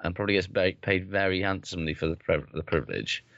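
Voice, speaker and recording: Deep guy ranting about rugby, lots of swearing, kinda dull dry sound. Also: fast, vocal fry, fairly bright tone, no room sound. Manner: blunt, sweary, emphatic. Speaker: podcast co-host. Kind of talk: casual chat about rugby.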